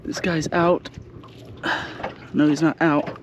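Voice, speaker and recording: A man giving excited, laughing commentary while fishing on a lake, talking to his viewers. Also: fairly high pitch, takes it slowly. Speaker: fishing vlogger. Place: outdoors on a boat on a lake. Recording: noisy outdoor boat recording.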